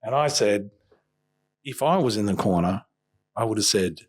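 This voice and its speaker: A man's voice: lowish voice, lively intonation, brisk. Man, boxing coach, podcast storytelling, emphatic, acts out dialogue.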